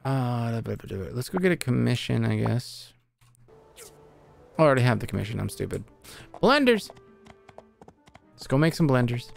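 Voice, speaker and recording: A man's voice: mid-range voice, animated, normal speed, gravelly, darkish tone, faint music behind. A young man streamer chatting casually and cursing freely while playing a game and talking to his viewers. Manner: chatty, profane, talks to chat. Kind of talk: casual live gameplay commentary.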